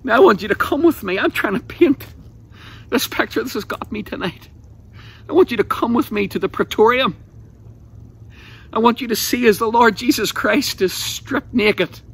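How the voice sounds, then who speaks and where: A man's voice: high voice, fairly bright tone. A man preaching an evangelistic sermon, telling the story passionately and vividly.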